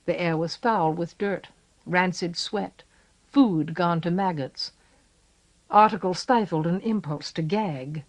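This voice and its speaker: Measured woman narrating an audiobook. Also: fairly low pitch. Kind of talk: scripted narration. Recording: 1980s cassette audiobook.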